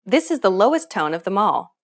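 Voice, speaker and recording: A woman narrating a scripted lesson, explaining pronunciation clearly and step by step. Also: mid-range voice, very animated, a little fast. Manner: clear, instructive. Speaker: pronunciation teacher.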